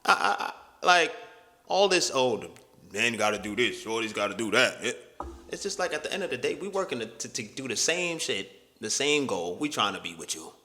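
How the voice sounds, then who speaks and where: A man's voice: mid-range voice, big pitch swings, moderate pace, sharp tone. A young man hosting a casual chat, talking in loose slang with emphatic bursts. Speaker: host.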